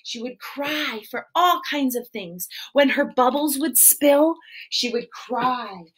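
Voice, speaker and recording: A woman children's entertainer telling a story to preschoolers in an animated, sing-song way and asking the kids questions. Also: sits high, takes it slowly. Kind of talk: preschool storytelling live stream.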